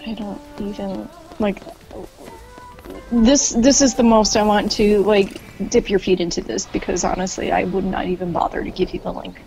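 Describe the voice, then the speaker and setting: A young woman co-hosting a game livestream, chatting playfully with quick quips and short reactions. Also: medium pitch, steady tone, warm tone, poor audio. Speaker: livestream co-host. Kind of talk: casual chat during a game stream. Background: game music.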